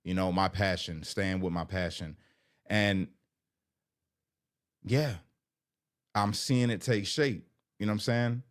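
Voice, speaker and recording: A man's voice: deep voice, steady tone, slow pace, long pauses. A man talks candidly to camera in an earnest, heartfelt way, often repeating himself. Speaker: vlogger.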